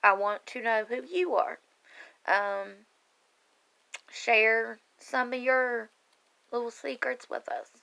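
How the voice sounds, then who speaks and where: Her voice is a little high, creaky, pushed and bright, and she speaks slowly with frequent pauses. In a casual, heartfelt live video she tells her online group her life story, speaking earnestly and emotionally to the camera and rambling somewhat.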